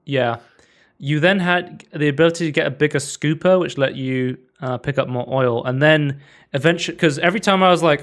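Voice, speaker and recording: A man's voice: a little high, steady tone, brisk, a bit bright. A man co-hosting a casual podcast, chatting loosely about game demos with lots of fillers. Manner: rambling, lots of fillers and likes. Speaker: podcast co-host.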